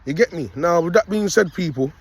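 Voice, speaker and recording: Husky-voiced man, rambling preacher. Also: high voice, expressive, fairly quick. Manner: rambling, street slang, repeats "you get me". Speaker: self-styled prophet vlogger. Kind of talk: casual preaching monologue.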